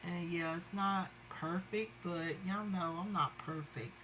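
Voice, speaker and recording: Woman beauty vlogger, casual venting chat, slow and bright. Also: on the low side, a little hiss or hum. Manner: rambling, venting, many fillers. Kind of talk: casual makeup tutorial chat.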